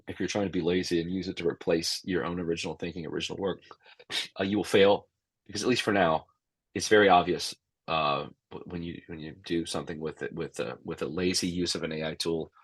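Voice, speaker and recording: A man's voice: deep voice, steady tone, quick pace, breathy edge, no room sound. A middle-aged man answering interview questions as an expert witness, emphatic and prone to repeating words as he starts sentences. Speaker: expert witness and law professor.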